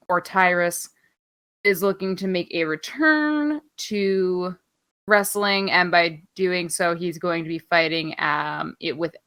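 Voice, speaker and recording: A woman's voice: fairly low pitch, bright, forceful tone, clear, resonant tone. A woman co-hosting a podcast, chatting casually through wrestling news in an offhand, rambling way, swearing freely and filling gaps with ums. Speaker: podcast co-host.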